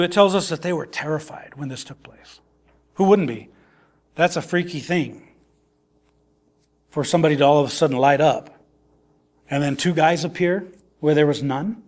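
A middle-aged man preaching a sermon in a conversational way, often repeating words and acting out the quotes he reads. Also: on the high side.

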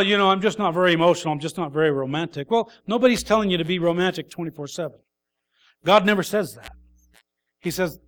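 A man with a high-pitched voice delivers a sermon as a pastor. He speaks earnestly and deliberately, pausing and restarting phrases as he works through his points.

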